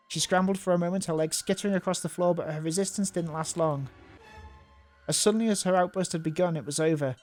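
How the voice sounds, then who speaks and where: Reading a visual novel aloud, a man talks fast in a high-pitched, slightly mellow voice, with faint music behind him. He stumbles over words and drops casual, mocking comments as he goes.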